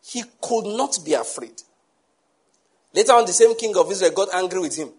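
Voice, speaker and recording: A man's voice: high voice, expressive, moderate pace, husky. A man preaching a sermon, emphatic and full of rhetorical questions to the congregation.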